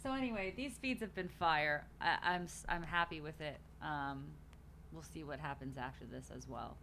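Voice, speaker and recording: A woman's voice: low voice, normal speed, a bit bright, a little hiss or hum. A young woman hosting a watch party stream, chatting casually and animatedly, swearing and acting out quotes. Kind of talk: casual chat.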